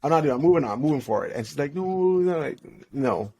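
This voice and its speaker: A young man tells a story in loose, slangy talk, and his pitch climbs and dips a lot as he acts out both sides. He laughs between phrases and keeps restarting his sentences. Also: expressive, fast talker, crowd noise. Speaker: podcast guest, relationship coach. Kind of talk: casual storytelling chat.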